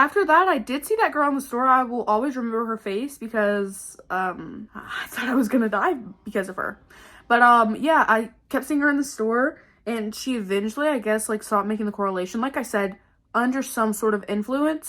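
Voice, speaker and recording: A woman's voice: fairly high pitch, fairly bright tone. A young woman vlogger telling stories in a dramatic, casual way, swearing often and calling her viewers guys. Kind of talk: casual storytelling to camera.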